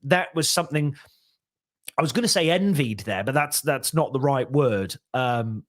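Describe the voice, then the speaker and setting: A man's voice: mid-range voice, lively intonation, moderate pace, dry recording. Chatty male comedian guest, dry close sound. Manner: rambling, many restarts, self-deprecating. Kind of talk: casual podcast interview.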